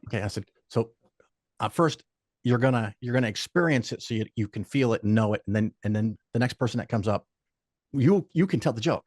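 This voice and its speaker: A man's voice: medium pitch, fairly quick, no room sound, clean studio sound. Older man telling profane anecdotes. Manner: profane, animated anecdotes with quoted voices. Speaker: guest. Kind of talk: casual storytelling chat.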